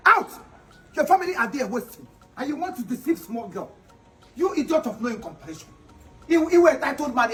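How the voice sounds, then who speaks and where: A man doing a high-voiced furious Nigerian father. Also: heavily acted. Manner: loud scolding, insults and threats. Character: angry shouting older father protecting daughter. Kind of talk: comedy skit.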